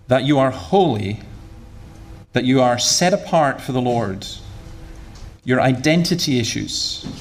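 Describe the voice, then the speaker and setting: A man's voice: mid-range voice, slight background noise. A man preaching a sermon in a conversational, humorous way, often repeating words as he goes.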